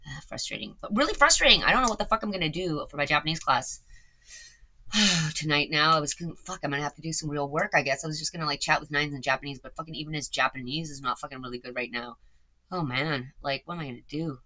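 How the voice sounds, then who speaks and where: A woman's voice: low voice, steady tone, fast, pushed and bright. A young adult woman chatting casually, rambling and swearing a lot with many fillers. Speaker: content creator. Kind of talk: casual chat.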